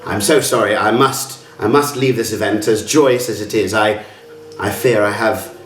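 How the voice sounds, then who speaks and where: A man's voice: fairly low pitch, normal speed, a bit bright, lightly acted. A man voicing a shaken male guest who stammers apologies. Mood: panicked. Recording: roomy, from a distance.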